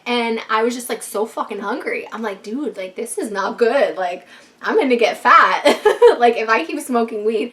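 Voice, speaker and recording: A young woman telling a casual storytime to camera, animated and profane, laughing often. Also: fairly high pitch. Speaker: vlogger.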